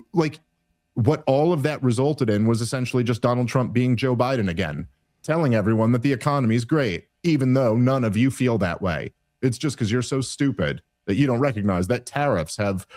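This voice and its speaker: A man's voice: medium pitch, darkish tone, no room sound. Exasperated rambling man, dry close mic. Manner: rambling, exasperated, lots of fillers and restarts. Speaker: podcast host. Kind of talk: casual political commentary.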